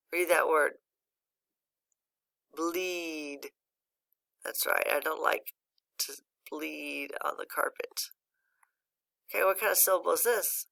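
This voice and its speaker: A woman's voice: low voice, gravelly, pushed and bright. A patient woman teaching a phonics lesson to a young child, praising often and guiding each word step by step. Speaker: reading teacher.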